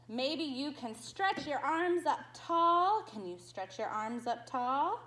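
A woman who teaches dance to small children, reading a picture book aloud in a slow, animated and cheery way that coaxes them to join in. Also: high voice. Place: dance studio.

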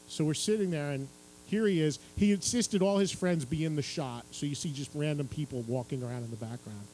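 Moderately paced and a little high, a middle-aged music host from radio and TV tells a book-signing crowd a lively anecdote, mimicking others' lines and laughing as he goes. He is on a radio station stage at a public event, and the low-quality recording carries a bit of hiss or hum.

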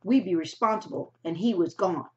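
A woman reading aloud and voicing a stubborn, rough-spoken country uncle in a storybook, on a dull lo-fi recording. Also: on the low side, moderate pace, dark tone, close to an everyday voice. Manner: blunt rustic grammar, stubborn.

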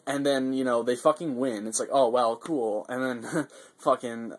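Excitable, swearing young-sounding man ranting. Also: mid-range voice, normal speed. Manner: profane, excitable, rambling with fillers. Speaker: vlogger reviewing a wrestling show. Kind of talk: casual rambling recap.

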